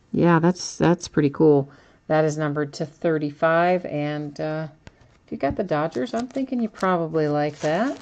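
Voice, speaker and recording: A woman's voice: deep voice, darkish tone. A woman hosting a live card break, chatting casually as she opens packs and reads out each card.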